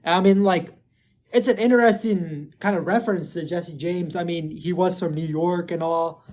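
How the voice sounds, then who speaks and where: A man with a high-pitched voice, speaking at a normal speed, hosts a show recap, casually going over a TV episode. He rambles with plenty of filler words and swearing, and gets loud and excited when hyping things up.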